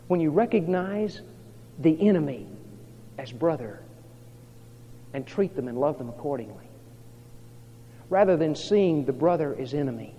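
A high-pitched male preacher delivers a sermon, dropping to a hush and then building to loud, dramatic retellings. The recording is dull and lo-fi, with long reverb from a large hall. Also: animated, slow pace, long pauses, breathy edge. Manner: dramatic storytelling, swinging from hushed to loud. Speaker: pastor.

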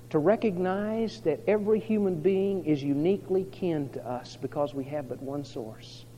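A man preaching a sermon, telling a story dramatically as he swings from hushed to loud. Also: fairly high pitch, a little hiss or hum. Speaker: pastor. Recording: reverberant hall, dull lo-fi sound.

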